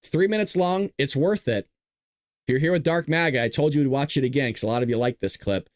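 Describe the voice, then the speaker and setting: A man's voice: medium pitch, quick pace, no room sound. A male show host giving blunt, scornful political commentary, reacting to clips.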